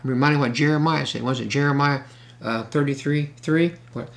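A male preacher with a gravelly edge and a voice set a little above the usual male range. He reads scripture at a deliberate pace, then breaks off to put asides and quick questions to his listeners. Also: fairly high pitch. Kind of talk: sermon, Bible teaching.

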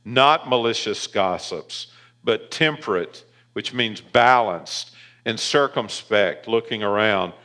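Bright-voiced Southern pastor preaching. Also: male voice, on the low side, takes it slowly. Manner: emphatic preaching, voice rising on key points. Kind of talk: sermon.

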